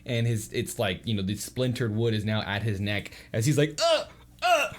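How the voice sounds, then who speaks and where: A man's voice: fairly low pitch, steady tone, normal speed. A man narrating as game master of a tabletop game, rambling with lots of fillers. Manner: rambling, filler-heavy and giggly.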